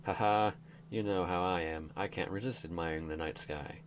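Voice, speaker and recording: A man reading the lines of a calm, fond young woman in a game, in his own deep voice. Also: moderate pace, a little hiss or hum, lightly acted. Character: young woman who loves the night sky.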